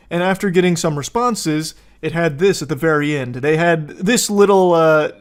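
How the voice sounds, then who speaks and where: A man giving casual commentary on a news story, dry and wry, swearing and cracking jokes along the way. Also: fairly high pitch. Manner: dry, wry delivery laced with profanity and jokey asides. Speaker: commentator host.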